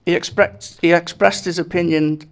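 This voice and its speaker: A man's voice: a little high, fairly even intonation, moderate pace, gravelly. A man giving a wedding speech, telling anecdotes and chuckling at his own jokes. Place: wedding reception.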